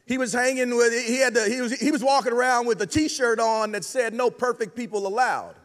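A man's voice: very high-pitched, fairly even intonation, fairly quick, fairly bright tone. A man preaching a casual, joking sermon in slangy talk, often saying "like" and stumbling over words. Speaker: guest pastor. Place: large church auditorium. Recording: long reverb in a large hall.

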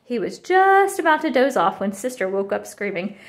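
A woman reading a children's picture book aloud in an expressive, animated way. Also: on the high side, moderate pace. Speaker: storybook reader.

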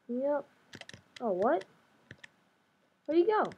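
A woman's voice: medium pitch, lively intonation, moderate pace, long pauses, mellow, lo-fi sound, a little hiss or hum. A young woman casually commenting on her own video game play, chatty and playful, talking to herself as she goes. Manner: chatty, playful, talks to herself while playing. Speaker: gaming YouTuber. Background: keyboard and mouse clicks.

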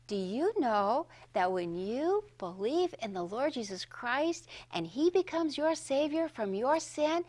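Sing-song woman teaching a children's Bible lesson. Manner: slow, sing-song, highly expressive storytelling; leads children in call-and-response.

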